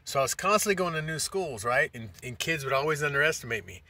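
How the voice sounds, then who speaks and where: A man's voice: on the high side, animated, fast, pushed and bright. A middle-aged man telling a rambling, profane story in a casual monologue, restarting his sentences often. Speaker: vlogger.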